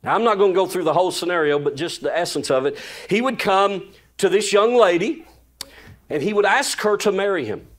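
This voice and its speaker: A male pastor delivers a folksy, animated sermon packed with exclamations, his voice high-pitched and a little fast. Now and then he drops to a hush to tell a story.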